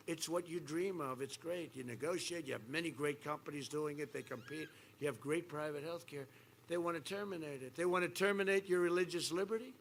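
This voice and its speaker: A man in his seventies giving a campaign rally speech, boastful and repetitive, swinging from quiet asides to loud attacks. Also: high-pitched, gravelly. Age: 70s. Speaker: rally speaker. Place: outdoor rally stage. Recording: faint background noise at an outdoor rally.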